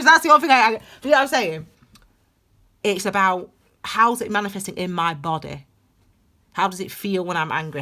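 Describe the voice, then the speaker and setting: Chatty tarot-reading woman, low voice. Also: a bit bright. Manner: chatty, rambling, with restarts and asides. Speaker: tarot reader. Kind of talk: casual spiritual tarot reading to camera.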